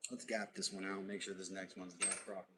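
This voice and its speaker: A man's voice: sits low, monotone, fast, a bit bright, a little hiss or hum, rough recording. A man hosting a casual livestream outdoors, chatting easily and joking while he stitches leather. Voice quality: ginger, sweaty from working outdoors. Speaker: livestream host. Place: outdoors, warm day.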